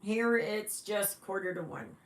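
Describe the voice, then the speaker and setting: Slow, chatty woman live-streaming her stitching. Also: medium pitch. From Canada. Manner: chatty, reads viewer comments aloud and greets them; unhurried, rambling with fillers. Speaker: stitching livestream host. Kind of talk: casual live-stream chat.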